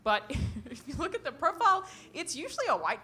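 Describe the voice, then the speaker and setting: A woman's voice: sits high, very animated, fairly quick, few pauses, pushed and bright. A woman doing a stand-up comedy set on stage into a handheld mic, brash and profane, laughing at her own jokes. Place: comedy stage before a live audience.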